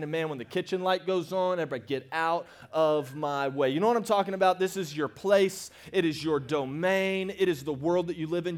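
A man preaching with a voice pitched a little high for a man. He talks animatedly, calling out for amens and swinging between quiet, hushed asides and loud, excited stretches. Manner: calls for amens from the congregation. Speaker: pastor. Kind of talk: sermon.

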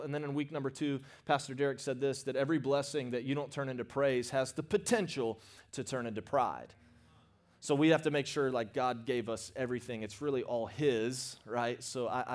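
Preaching with animation, this medium-pitched pastor draws amens from his congregation. His sermon alternates between quiet asides and loud, excited outbursts.

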